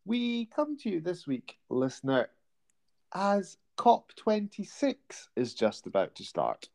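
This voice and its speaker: A man's voice: high voice, huge pitch swings, slow pace, vocal fry, darkish tone. A man hosting a casual chat podcast, rambling and hesitant, with plenty of fillers as he feels his way through points. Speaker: podcast host.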